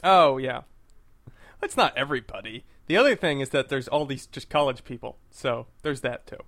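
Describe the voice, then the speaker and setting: Here the male co-host has a mid-range, slightly bright voice with lively intonation at a normal speed. His casual podcast talk rambles along with hesitations, fillers and frequent restarts.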